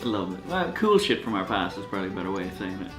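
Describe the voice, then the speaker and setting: An Irish man hosts a loose, jokey chat, his pitch moving a lot as he reacts. The room gives his voice a roomy echo. Soft guitar music plays faintly underneath. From Ireland. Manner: lively, jokey, quick reactions. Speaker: channel host. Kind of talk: casual chat.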